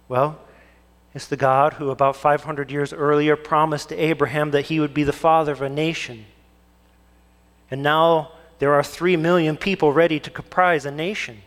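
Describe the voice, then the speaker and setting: A young man preaching a sermon from the pulpit. His voice sits a little higher than most men's. He keeps turning questions back on the congregation, and a long reverb trails every phrase through the sanctuary. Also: steady tone, normal speed, a bit bright. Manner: asks the congregation rhetorical questions. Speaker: pastor.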